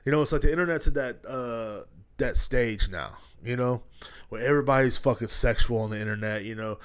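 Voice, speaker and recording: Recorded at home with studio headphones and a mic, a man with a clean, mid-range voice talks a little fast. He's hosting his own podcast, delivering a rambling, joke-filled comedic rant full of profanity.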